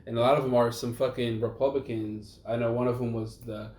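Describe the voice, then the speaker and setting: A man's voice: mid-range voice, little pitch movement, a little fast, a little mellow. A young man co-hosting a casual podcast, rambling and profane, trailing off mid-thought. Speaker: podcast co-host. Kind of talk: casual chat. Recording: echoey room, faint background noise.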